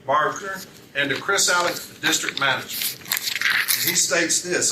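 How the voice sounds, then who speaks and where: A man's voice: a little high, a little slow. A man, a union advocate at an arbitration hearing, methodically citing page numbers, reading documents aloud and putting pointed questions to a witness. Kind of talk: arbitration hearing cross-examination. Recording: roomy, distant mic with background noise.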